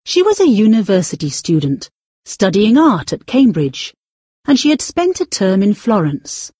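Breathy, expressive woman narrating a novel. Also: medium pitch, dry recording, clean studio sound. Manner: expressive, with drawn-out emphasis. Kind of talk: scripted audiobook narration.

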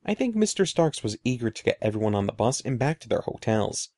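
A man voicing a young girl, an older sister who calms and gently teases her little brother. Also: mid-range voice, a little fast, no room sound, pitched below the performer's own voice. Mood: reassuring. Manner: reassuring, gently teasing.

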